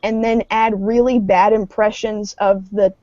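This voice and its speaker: Woman co-host, rambling and sarcastic in casual chat, mellow tone, dry lo-fi sound. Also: medium pitch, flat delivery, a little slow, dry recording. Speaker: podcast co-host.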